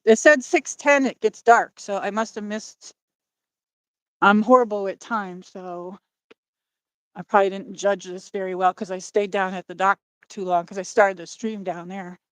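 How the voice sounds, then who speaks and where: A woman walking outdoors at dusk and chatting to her livestream viewers, slightly out of breath. She rambles and apologizes as she goes, with a mid-pitched voice. The sound is dry and close, picked up by a phone on a gimbal. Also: fairly even intonation, normal speed, no echo. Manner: rambling, apologetic, talks to chat. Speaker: livestream host. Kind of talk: casual livestream chat while walking.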